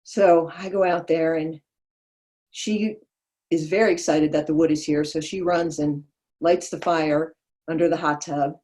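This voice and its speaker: A woman's voice: low voice, steady tone, a little slow, dark tone. A woman from Vermont telling a personal story in an easygoing, conversational way.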